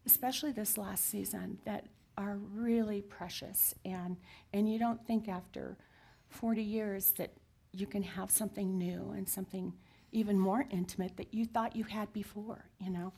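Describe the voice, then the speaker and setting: A woman's voice: mid-range voice, steady tone, normal speed, gravelly, mellow, slightly rough. A woman in her sixties telling her story in an interview, earnest and heartfelt, at times dropping to a near whisper. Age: 60s. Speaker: guest sharing her story. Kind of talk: confessional interview talk.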